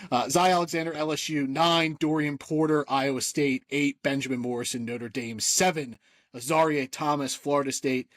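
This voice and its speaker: A man co-hosting a sports podcast in casual chat, listing rankings in an easygoing, quick-running way. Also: fairly high pitch, fairly even intonation, a bit bright, no room sound. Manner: easygoing, lists rankings rapidly. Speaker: podcast co-host.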